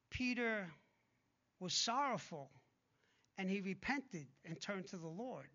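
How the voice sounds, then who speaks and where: A man's voice: sits high, sharp tone, muffled recording. A man preaching a sermon in an emphatic, conversational way, with blunt asides between scripture readings.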